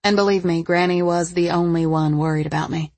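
A woman's voice: on the low side, steady tone, fairly quick, darkish tone, dry recording, lightly acted. A woman reading a storybook, voicing a feisty, defensive young woman who speaks with a spirited manner.

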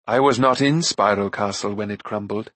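A man voicing a calm, noble warrior prince who speaks in a measured, dignified way in an audiobook. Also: on the low side, no room sound.

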